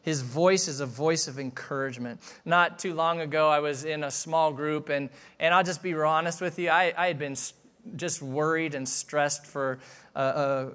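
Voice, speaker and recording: A man preaching a sermon in a casual, conversational tone, with a voice sitting a touch high for a man. He talks straight to the congregation with questions, then slows down for firm, emphatic lines. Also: fairly even intonation, clear, resonant tone. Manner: conversational, asks the audience questions, swings from soft to emphatic. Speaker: pastor.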